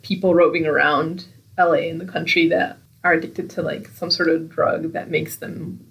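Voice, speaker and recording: A woman co-hosting a library podcast, talking casually about a book she reread, relaxed and attentive. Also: low voice, moderate pace, creaky, poor audio. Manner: attentive listener, frequent backchannels, relaxed. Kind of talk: casual book recommendation chat.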